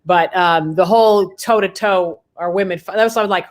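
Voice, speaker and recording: A woman comedian co-hosting a podcast, talking in a rambling, halting way with many fillers. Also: medium pitch, animated. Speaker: co-host comedian. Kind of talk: casual chat.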